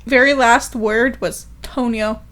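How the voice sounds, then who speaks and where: A woman's voice: on the high side, takes it slowly. A woman co-hosting a podcast, recapping a novel in casual chat and laughing often as she retells each scene. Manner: animated retelling, reading quotes aloud with laughter. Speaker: podcast co-host.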